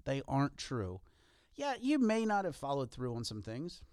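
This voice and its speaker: Male podcast co-host, earnest and joking, very expressive pitch, dry studio sound. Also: moderate pace, clean tone, dry recording. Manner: earnest, lively, self-deprecating jokes. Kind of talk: casual motivational podcast talk.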